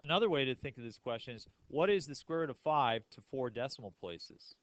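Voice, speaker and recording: A man teaching a math class in a relaxed, joking way, tossing questions to his students. His voice sits at an ordinary middle pitch. The sound is dry and close, with no echo. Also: fairly quick, highs cut off. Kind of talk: classroom lecture.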